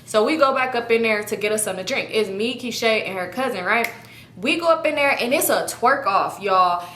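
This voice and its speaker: A young woman telling a long story in casual, animated, slangy speech full of swearing, her voice jumping high for emphasis. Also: fairly quick. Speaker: storyteller vlogger. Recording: echoey room with faint rumble.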